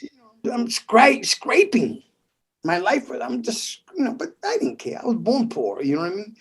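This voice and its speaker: A middle-aged man from the Bronx with a New York accent, telling stories in a casual interview, animated and swearing, acting out the voices of people in them. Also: very high voice, moderate pace, vocal fry, slightly rough. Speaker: guest percussionist.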